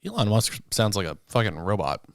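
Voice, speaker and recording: A man's voice: lowish voice, very animated, brisk, clear, resonant tone, no room sound, clean studio sound. A young man co-hosting a podcast, telling stories in casual chat and laughing often. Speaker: podcast co-host.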